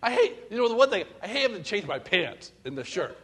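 Middle-aged male pastor, lively higher voice, animated sermon with acted-out asides. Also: quick pace, breathy edge. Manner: animated preaching, acts out little scenes, swings from soft to loud.

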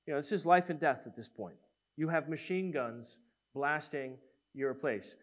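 A man preaches a sermon, telling a story animatedly and acting out the voices of its characters. His voice is fairly high-pitched and he speaks at normal speed.

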